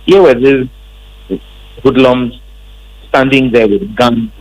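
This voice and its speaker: Husky Ghanaian man telling it emphatically. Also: mid-range voice, fairly even intonation, takes it slowly, no room sound, low-quality recording. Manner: emphatic, repetitive storytelling. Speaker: member of parliament. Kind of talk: recounting events in an interview.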